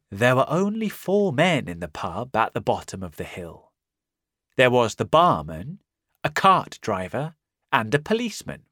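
Male narrator, storybook, slow careful reading, animated pitch, dry close sound. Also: no room sound. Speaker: audiobook narrator. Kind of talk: scripted narration of a simplified reader.

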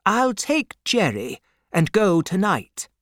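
A man's voice: high-pitched, big pitch swings, slow pace, a bit bright, dry recording, studio quality, pitched above the performer's own voice, exaggerated voice. A man voicing an elderly English banker of nearly eighty, earnest and concerned.

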